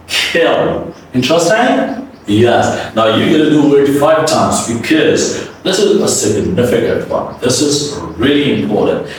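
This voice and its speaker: A man teaching English pronunciation, drilling words by repeating them over and over in an animated, coaxing way. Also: mid-range voice, slight background noise. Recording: echoey room, voice from a distance.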